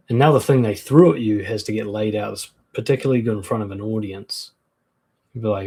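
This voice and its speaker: A man talks through relationship advice in a relaxed, frank coaching manner, slipping into short acted-out comebacks. His voice sits on the low side and has a husky, slightly rough edge. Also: a little fast. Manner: frank, conversational, acts out quoted comebacks. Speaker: dating and confidence coach. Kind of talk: casual advice talk to camera.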